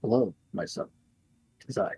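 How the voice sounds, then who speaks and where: A man voicing a calm, solemn Jesus in a tabletop game, speaking in a slow, hushed, fatherly way. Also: dry recording, lightly acted.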